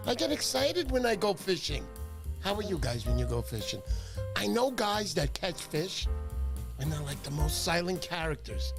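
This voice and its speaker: Excitable high-pitched fishing-show host man. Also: normal speed, gravelly, music in the background. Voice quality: loud, exuberant, shouts names. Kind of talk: excitable livestream chat.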